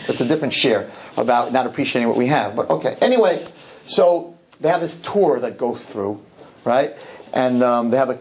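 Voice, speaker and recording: A man talks to a live audience in a hall and tells his story with jokes and rapid-fire asides. He keeps doubling back on his words for emphasis. His pitch is middling, with a faint hiss underneath. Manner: animated, joking, rapid-fire asides and repetitions. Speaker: rabbi giving a public talk.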